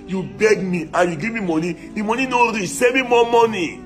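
A man's voice: high voice, brisk, natural voice. A man playing a boastful young scammer in a comic skit, speaking with a Nigerian accent and taunting and threatening the woman he swindled. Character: boastful young male scammer who swindled his girlfriend. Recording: music playing under the voice. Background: music.

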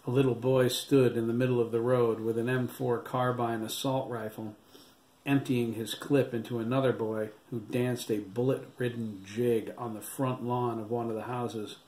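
A man reading his own novel aloud as an audiobook, in a steady, dramatic storytelling manner. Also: medium pitch, moderate pace. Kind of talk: audiobook narration. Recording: roomy echo, faint background hiss.

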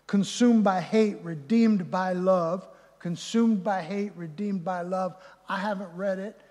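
A man preaching a live sermon as pastor, going from loud emphatic peaks to quiet low passages. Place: church sanctuary. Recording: reverberant church hall.

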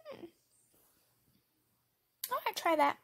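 A woman commentating her game, excitable and rambling, jumping from loud squeals to hushed whispers. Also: very high-pitched, normal speed. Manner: rambling with many fillers. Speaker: gamer.

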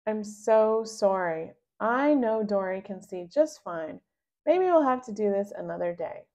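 A woman voicing a hurried, embarrassed mother who is firm and apologetic with her young daughter. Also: mid-range voice, animated, a little mellow.

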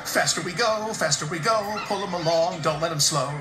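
A man voicing an excitable small tank engine who chatters in an eager, chirpy way, in a storybook reading. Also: high voice, moderate pace, voice pushed up, close to an everyday voice. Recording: roomy room with background music.

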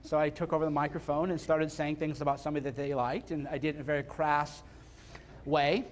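A man's voice: a little high, little pitch movement, fast, a little hiss or hum. A man speaking casually and bluntly to a live seminar audience, repeating points for emphasis. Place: seminar room before an audience.

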